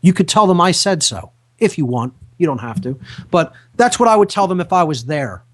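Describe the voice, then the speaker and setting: A man hosting a radio talk show, speaking emphatically and repeating key phrases slowly for effect. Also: a little high, sing-song.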